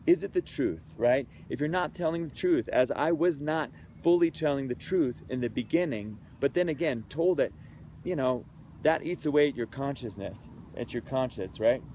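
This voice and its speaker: A man's voice: mid-range voice, moderate pace, darkish tone, slight background noise. A man in his thirties, a creativity speaker, telling a personal story in an earnest, heartfelt, conversational way outdoors in a city.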